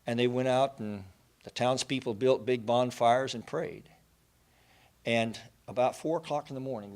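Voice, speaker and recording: A man's voice: mid-range voice, normal speed, darkish tone. A man giving an inspirational faith talk, an earnest storyteller who builds to passionate lists. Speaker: speaker at a faith gathering.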